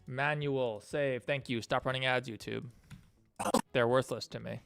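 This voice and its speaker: A man's voice: medium pitch, fairly even intonation, a little slow, creaky, fairly bright tone, clean tone, no echo. A man livestreaming while he builds a game, chatting and thanking donors as he works. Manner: rambling, thanks donors mid-work. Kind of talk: casual livestream chat.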